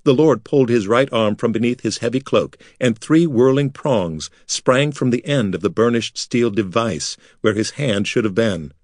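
A man narrating a fantasy audiobook in a measured, dramatic way. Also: mid-range voice, animated, no echo, clean studio sound. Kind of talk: scripted narration.

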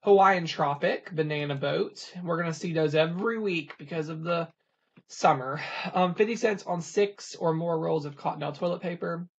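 Gravelly, husky couponing host. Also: mid-range voice, lo-fi sound. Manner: reads items off in a quick plain list. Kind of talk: casual coupon rundown.

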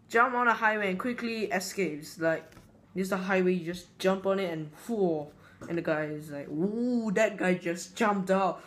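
A male channel host rambling through a casual would-you-rather vlog, halting often with fillers and restarts. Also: high-pitched, fairly bright tone.

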